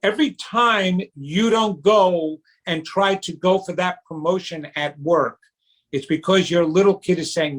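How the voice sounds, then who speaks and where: A man's voice: high-pitched, measured pace. A man speaking as a guest in an interview, explaining in an emphatic, teaching way. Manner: emphatic, teaching tone, acts out childish voices. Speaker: psychic medium guest. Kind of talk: conversational interview answers.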